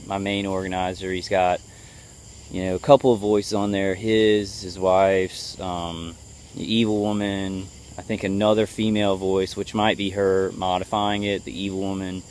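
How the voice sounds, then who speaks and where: A man with a very low voice talks through a personal video update. He stops and restarts often, padding his words with fillers, yet keeps his tone calm and level. Faint crickets chirp behind him. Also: slight background noise. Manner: halting, full of fillers and restarts; tries to stay calm and level. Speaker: vlogger.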